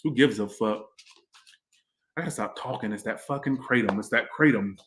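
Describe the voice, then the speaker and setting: A rambling, chatty man reads tarot on a casual livestream. His voice sits at an average pitch, and he swears freely as he talks. The room around him is echoey. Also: moderate pace, fairly bright tone, slight background noise. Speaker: tarot reader and livestream host.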